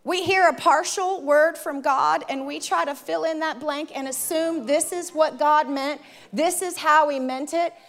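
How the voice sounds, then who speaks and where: A woman preaching, telling a personal story to the congregation in an animated, conversational way. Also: sits high, a little slow. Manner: animated, addresses the audience directly, conversational. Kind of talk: sermon storytelling.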